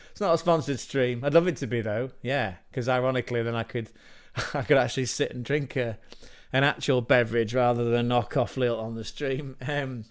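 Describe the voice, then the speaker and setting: A man hosts a casual livestream, talking loosely and drifting between thoughts. His voice sits at an ordinary middle pitch, and he fills the chat with joking asides and the occasional swear word. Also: moderate pace, clear, resonant tone. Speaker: livestream host.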